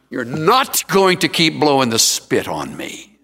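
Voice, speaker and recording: A middle-aged man preaching a sermon, telling stories with sudden jumps in pitch. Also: huge pitch swings, a little slow, creaky, pushed and bright, in a large hall. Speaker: pastor.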